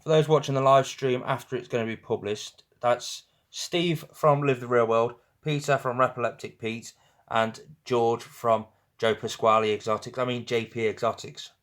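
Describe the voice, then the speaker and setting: A man's voice: medium pitch, fairly even intonation, normal speed, fairly bright tone. A young man from northwest England hosting a casual live stream, with a northwest English accent, chatty and teasing, laughing often with viewers. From St Helens, northwest England.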